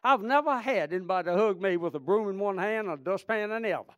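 A man preaching a revival sermon, swinging between shouted praise and hushed storytelling. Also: high-pitched, animated, fast, no echo. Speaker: traveling preacher.

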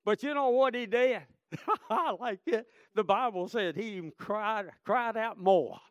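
High-voiced fervent male preacher. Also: a little slow, no echo. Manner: fervent, repetitive, calls out "Amen?" and "friend". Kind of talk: sermon.

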